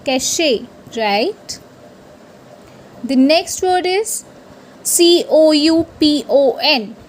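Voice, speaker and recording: A woman gives a pronunciation lesson in a high, bright-pitched voice. She speaks slowly and deliberately, spelling each word out letter by letter. She keeps checking in with "right?". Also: lively intonation, slight background noise. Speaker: spoken English teacher.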